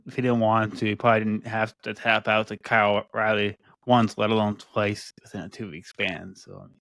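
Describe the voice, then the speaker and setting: A man's voice: on the low side, little pitch movement, moderate pace, vocal fry, a bit bright, no room sound. A man co-hosting a podcast, chatting casually about wrestling and hedging his opinions with lots of "you know" and "like". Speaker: podcast co-host. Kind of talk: casual wrestling review chat.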